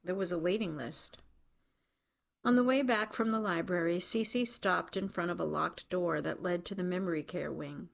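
A woman's voice: on the low side, normal speed, gravelly. A woman narrating an audiobook in a wry, dry storytelling manner.

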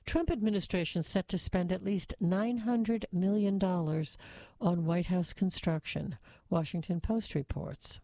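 A woman reading news stories in a steady, even scripted delivery. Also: lowish voice, measured pace. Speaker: news reader.

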